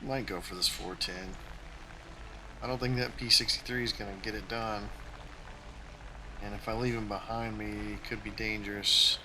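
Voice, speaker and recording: A man with a lowish, fairly even voice gives a casual, tactical play-by-play of a flight game on his own gaming channel. He speaks at a normal speed with long pauses, and there is background noise.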